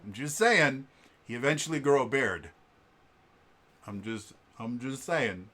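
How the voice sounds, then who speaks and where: A man's voice: mid-range voice, expressive, measured pace, pushed and bright. A man on his vlog, casually telling a long story with lots of fillers and restarts, acting out what people said. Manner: rambling, with many fillers and restarts; acts out quoted people. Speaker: vlog host.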